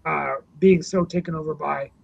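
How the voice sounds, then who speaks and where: A man co-hosting a political talk show, reminiscing casually about a late politician, with many pauses and fillers. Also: on the high side, steady tone, vocal fry. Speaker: co-host, city councilman. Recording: dull lo-fi sound.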